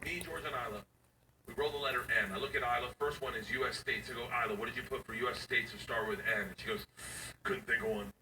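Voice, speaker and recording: A man's voice: medium pitch, fast talker. A middle-aged man doing stand-up, acting out his daughters' voices as he tells the story. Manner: animated, acts out his daughters in quoted voices. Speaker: stand-up comedian. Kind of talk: stand-up set before a live audience. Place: comedy venue. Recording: echoey venue, distant mic, audience noise.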